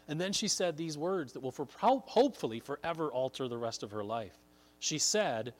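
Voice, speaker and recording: A man's voice: a little high, expressive, moderate pace. A man preaching a sermon, telling a story earnestly and building to emphatic points. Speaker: pastor.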